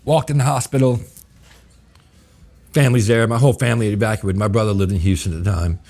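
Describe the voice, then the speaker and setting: Deep-voiced, profane man telling stories. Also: fast. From New Orleans. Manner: profane, animated, acts out quoted exchanges. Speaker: guest chef. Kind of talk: casual storytelling.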